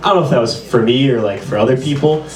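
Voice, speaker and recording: A man's voice: mid-range voice, fast, crowd noise. A man doing a stand-up comedy set, with a loose, rambling delivery full of "like". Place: small bar performance room. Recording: roomy, distant, with audience.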